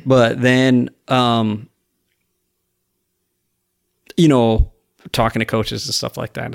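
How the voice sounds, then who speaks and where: A man talks as a podcast guest with a gravelly, fry-edged voice. His speech rambles through plenty of fillers while he retells conversations in other people's words. The sound is close and dry. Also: mid-range voice, flat delivery, slow, long pauses, no room sound. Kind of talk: casual conversation.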